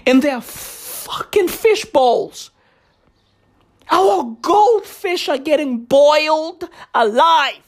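Woman comedian, profane stand-up rant, high voice, wildly swinging pitch. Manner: profane, exaggerated, shouting bursts.

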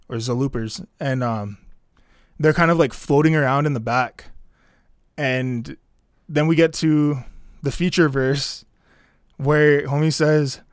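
A man in casual podcast chat, walking through an album track by track in an easygoing, rambling way. His voice sits at an ordinary pitch and sounds close and dry, with no room around it. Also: clear, resonant tone, no echo. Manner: relaxed, rambling, many "like" fillers. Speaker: podcast co-host reviewing an album.

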